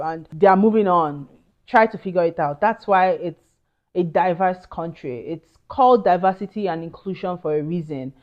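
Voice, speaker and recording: A woman's voice: mid-range voice, darkish tone, lo-fi sound. A woman with a Nigerian accent giving career advice in a casual, earnest and emphatic chat with asides. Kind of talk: casual advice talk to camera.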